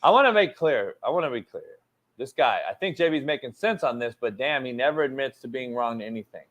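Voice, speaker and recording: A sports talk show host, a man, ranting loudly and with plenty of profanity as he defends his opinions. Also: mid-range voice, expressive, brisk, lo-fi sound. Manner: loud, profane, emphatic and combative. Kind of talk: heated sports radio rant.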